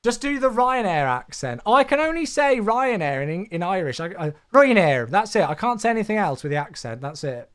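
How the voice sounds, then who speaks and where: Chatty, lively-voiced male streamer. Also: sits high, fairly quick, hardly any pauses, smooth. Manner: chatty, thanking viewers, quips to himself. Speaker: flight sim streamer. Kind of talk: casual live-stream chat with viewers.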